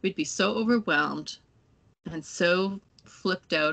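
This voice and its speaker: A woman in a casual spiritual discussion, rambling and acting out quotes in excited voices. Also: lowish voice, slow, gravelly. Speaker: co-host.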